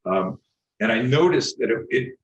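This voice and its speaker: A middle-aged man, a self-defense instructor, telling stories in an animated way, acting out the dialogue and swearing now and then. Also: mid-range voice, normal speed, dull audio. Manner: animated, acts out quoted dialogue, frequent restarts, swears. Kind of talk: animated storytelling interview.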